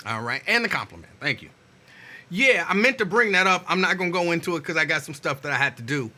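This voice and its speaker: Host: man with a piercing, sharp, fairly high voice, easy conversational delivery. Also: very animated, quick pace. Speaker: radio show host. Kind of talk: casual talk radio.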